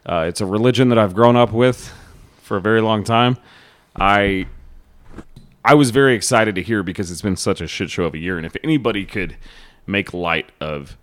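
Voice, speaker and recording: A podcast co-host chats in a laid-back, rambling way with plenty of swearing. He has a fairly low voice and speaks at normal speed.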